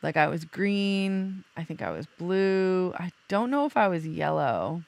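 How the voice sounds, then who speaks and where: A woman's voice: on the low side, animated, measured pace, creaky, darkish tone, dry recording. A woman hosting a podcast in casual, chatty talk, rambling loosely and laughing easily. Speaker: podcast host. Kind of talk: casual chat.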